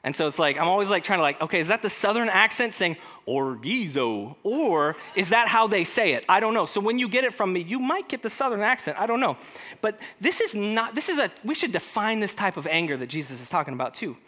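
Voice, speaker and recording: Animated bright-voiced male pastor. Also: sits high, quick pace. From California. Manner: conversational, animated, acts out quoted voices. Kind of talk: sermon.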